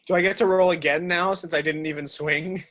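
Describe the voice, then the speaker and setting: A young adult playing a tabletop game, jokey and excitable. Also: medium pitch, a little fast. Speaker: player.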